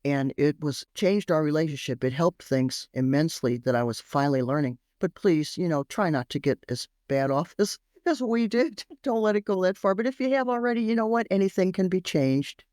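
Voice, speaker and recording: Animated woman telling a parenting story. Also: deep voice, normal speed, few pauses, no room sound, clean studio sound. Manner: animated, emphatic, repeats phrases for effect. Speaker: parenting expert guest. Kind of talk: storytelling podcast interview.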